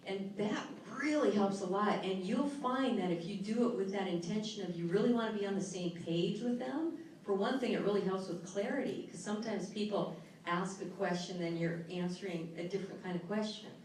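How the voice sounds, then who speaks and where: A middle-aged woman giving a workshop talk, leading a calm guided relaxation and then explaining points with lively emphasis. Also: medium pitch, a little fast. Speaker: workshop speaker. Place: large echoey hall. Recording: echoey hall, voice from far off, faint noise.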